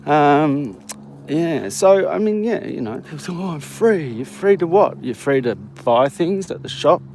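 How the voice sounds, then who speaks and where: Aussie guy live vlogging on a walk, slow jokey rambling, cars faint in the background. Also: on the high side, very animated, a little mellow, a little hiss or hum. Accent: Australian. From Australia. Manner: rambling, jokey, talks to viewers.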